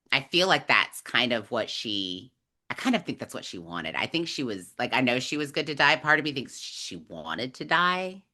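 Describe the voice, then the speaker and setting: A woman co-hosting a podcast, recapping a book in animated, chatty storytelling. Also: a bass voice. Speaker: podcast co-host. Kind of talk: casual book discussion chat.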